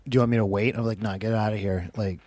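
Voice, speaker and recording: A man's voice: lowish voice, steady tone, racing, darkish tone, no echo. Rambling man telling a story. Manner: rambling, heavy use of "like", swearing. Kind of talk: casual storytelling.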